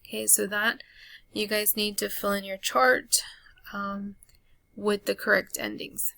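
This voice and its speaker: A woman's voice: medium pitch, creaky, dry recording. A woman teaching a Spanish grammar lesson, talking students through a chart with frequent ums and uhs. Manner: slow, flat delivery with frequent ums and uhs. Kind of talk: recorded classroom lesson.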